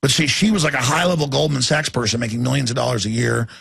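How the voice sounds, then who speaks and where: A middle-aged man with a heavily gravelly, husky voice delivers an impassioned talk-radio rant as host. He talks intensely and keeps slipping into acted-out voices. The sound is close and dry. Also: medium pitch, fairly even intonation, quick pace, a bit bright, dry recording.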